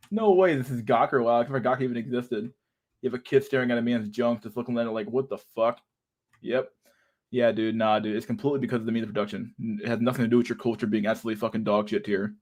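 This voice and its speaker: A man hosting a casual livestream, reacting to memes with loose, profane talk and frequent laughter. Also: medium pitch.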